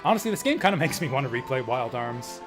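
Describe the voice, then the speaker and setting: A man's voice: medium pitch, big pitch swings, quick pace, music in the background. A young man streaming a game and chatting casually, laughing and using lots of filler words. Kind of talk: casual gameplay commentary.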